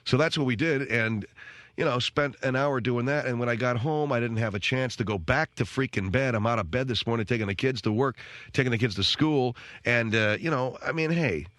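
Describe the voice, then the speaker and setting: A man's voice: medium pitch, a little fast, a bit bright, dry recording. A man hosting a radio show, ranting in a sarcastic, self-mocking comic monologue from a studio microphone. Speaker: radio talk show host.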